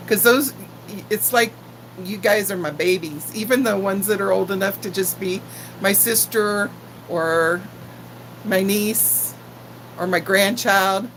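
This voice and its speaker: A woman's voice: mid-range voice, fairly bright tone, slight background noise, poor audio. A woman in her sixties hosting a casual live stream, chatting affectionately with viewers and greeting them by name. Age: 60s.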